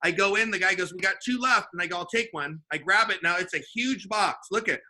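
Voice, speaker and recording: A man, a sales manager and podcast guest, telling an animated story and acting out the dialogue with voices. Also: sits high, a little fast. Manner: acts out the dialogue in his stories with voices. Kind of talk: animated storytelling in casual chat.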